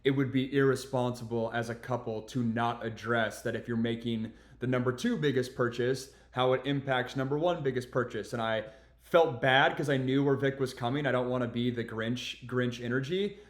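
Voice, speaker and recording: A man's voice: mid-range voice, steady tone, normal speed. Reflective man co-hosting, echoey room. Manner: reflective, explains his reasoning, repeats words. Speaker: podcast co-host, host's husband. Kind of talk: casual conversational storytelling.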